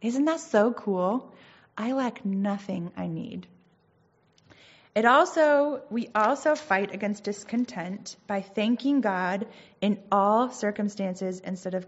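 A woman's voice: medium pitch, lo-fi sound. A woman giving an earnest, conversational Christian teaching, with casual asides between points. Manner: earnest, conversational, reads scripture aloud.

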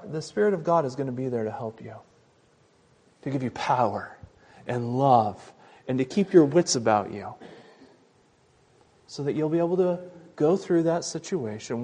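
A man preaching a sermon, retelling a Bible story, loud and emphatic in some passages and quiet and soft in others. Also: mid-range voice. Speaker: pastor.

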